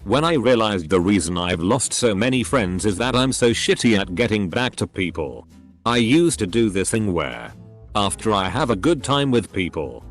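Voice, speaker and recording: Male text-to-speech narrator, lowish, animated pitch, reads punctuation aloud. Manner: reads punctuation aloud, flat delivery of quotes. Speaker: narrator reading online posts.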